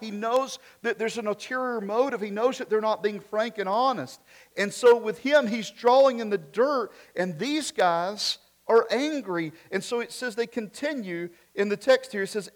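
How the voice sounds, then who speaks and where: Preacher guy, kinda high voice, chatty w the crowd, gets loud then drops real quiet. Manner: preaching with big swings between loud emphatic bursts and low quiet asides; conversational, asks the congregation rhetorical questions. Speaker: pastor. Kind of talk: sermon.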